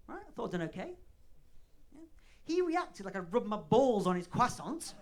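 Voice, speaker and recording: A man's voice: high voice, sing-song, moderate pace. A man in his late thirties with a Leeds accent, doing a flamboyant, self-mocking stand-up set on a comedy club stage. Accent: Northern English, Leeds. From Leeds, north of England. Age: 30s.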